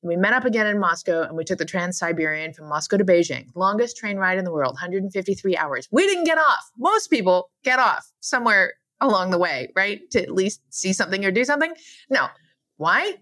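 A woman's voice: medium pitch, animated, brisk, sharp tone, no echo. A woman, a podcast guest, telling a travel story emphatically, drawing out key words.

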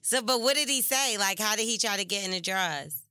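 A woman's voice: medium pitch, animated, brisk, sharp tone, clear, resonant tone, soft background music. A woman co-hosting a podcast, teasing the guest in a blunt, crude way. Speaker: podcast co-host. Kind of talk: casual chat.

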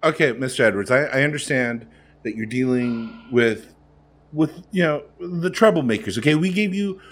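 A man's voice: mid-range voice, animated, normal speed, slight background noise, natural voice. A man playing a placating, flustered superintendent. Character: flustered male school superintendent. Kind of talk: improv comedy scene.

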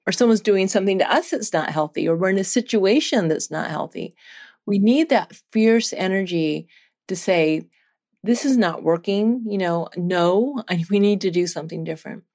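A woman speaking as a guest on an interview, earnest and animated as she tells a story. Her pitch sits in a middle range and she laughs easily along the way. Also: normal speed. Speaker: psychology researcher guest.

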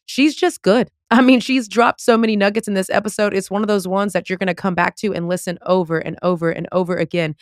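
A woman, hosting a podcast interview in an effusive, animated way with casual slang. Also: medium pitch, dry recording, clean studio sound. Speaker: podcast host.

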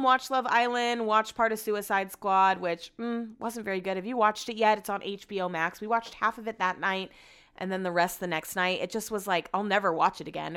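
A woman's voice: medium pitch, bright, forceful tone, smooth. A woman hosting a podcast, telling a story in a chatty, sarcastic way and swearing freely. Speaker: podcast host.

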